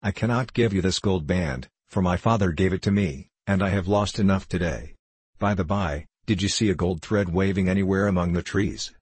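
A man voicing a lost young boy prince who speaks earnestly and pleadingly in a low, husky voice. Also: moderate pace, a little mellow, no room sound.

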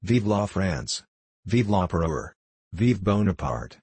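A man's voice: sits low, sing-song, takes it slowly, darkish tone, slightly rough, no echo, full character voice. A man voicing a defiant, bitter young woman in a storybook reading, spiteful and mocking.

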